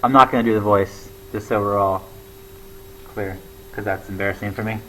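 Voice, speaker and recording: A man's voice: lowish voice, steady tone, moderate pace, a bit bright, slight background noise, rough recording. A young man talking casually to camera, rambling with lots of fillers and restarts. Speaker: comedy show regular.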